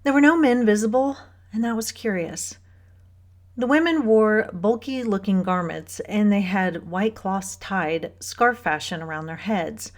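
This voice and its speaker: A woman audiobook narrator reads a novel aloud in scripted narration, her medium-pitched voice measured and even in its storytelling.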